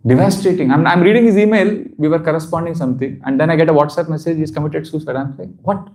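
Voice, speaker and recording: A spiritual teacher with a fairly high, darkish voice speaks quickly in a devotional seminar talk. He's earnest, repeating phrases for emphasis, and often breaks into laughter.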